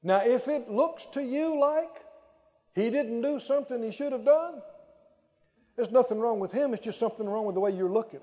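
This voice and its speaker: Emphatic preacher in a reverberant hall. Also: male voice, very high-pitched, warm tone. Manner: emphatic, drawn-out phrases with call-and-response. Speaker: pastor. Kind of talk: sermon. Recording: dull, lo-fi sound with long hall reverb.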